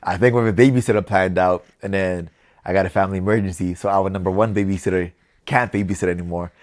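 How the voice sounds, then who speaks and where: A man's voice: sits low, steady tone, quick pace. A young man co-hosting a podcast, talking things through thoughtfully in casual chat and often restarting his words. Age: young adult. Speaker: podcast co-host.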